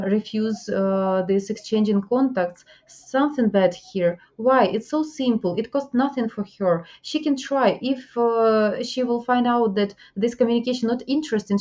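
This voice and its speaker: Female interviewer, halting and advice-giving, mid-pitched voice on a dull, lo-fi recording. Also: darkish tone. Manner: halting non-native English, frequent fillers, advising. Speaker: host. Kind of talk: interview about dating scams.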